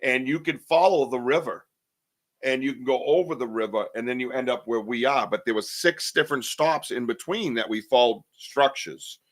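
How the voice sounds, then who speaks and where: A man hosting a podcast, chatting in an animated, joking way and swearing casually. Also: medium pitch, moderate pace. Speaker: podcast host. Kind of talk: casual chat.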